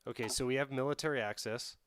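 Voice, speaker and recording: Male streamer, mid pitch, clean smooth voice, casual running commentary at a desk mic. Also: fairly even intonation, fast, fairly bright tone, no room sound. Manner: thinks aloud, talks to chat. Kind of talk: casual live-stream commentary while playing a strategy game.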